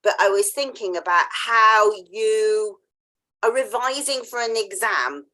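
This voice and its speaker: Unhurried and bright, with a pushed quality, a woman's medium-pitched voice carries a casual podcast interview she's hosting. She tells a story, performs the voices of those she quotes, and laughs often.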